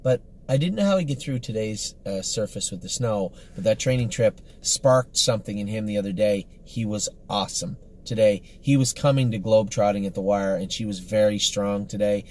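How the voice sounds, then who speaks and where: A man's voice: lowish voice, moderate pace, few pauses, darkish tone, slight background noise. A man, a horse trainer, giving a casual, rambling report on the day's training, upbeat and full of fillers and self-corrections.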